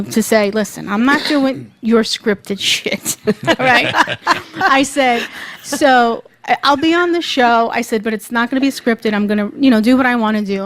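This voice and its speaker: A woman chats as a radio guest, her voice sitting a little high. She tells cheeky, bawdy stories and laughs often. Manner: bawdy, laughing, animated storyteller. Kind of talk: casual chat.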